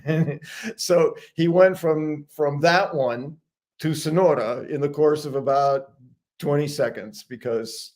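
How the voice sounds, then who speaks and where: Man, mid-pitched, chatty live-stream guest who laughs through his own anecdotes. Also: a little slow, darkish tone. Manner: chatty storyteller, frequent restarts and chuckles. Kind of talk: casual live-stream chat.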